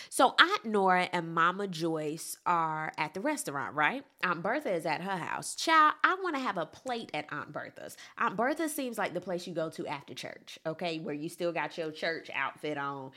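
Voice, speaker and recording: A woman's voice: fairly low pitch, sharp tone. A woman giving a casual, sassy recap of a reality show, talking emphatically and throwing in chatty asides to the viewer.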